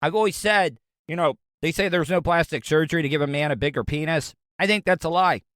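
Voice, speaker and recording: Solo show host: man, rambling and jokey, fairly high voice, dry close sound. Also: brisk, fairly bright tone, no room sound. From Florida, USA. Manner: rambling, joking, conversational. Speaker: podcast host. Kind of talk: casual solo monologue.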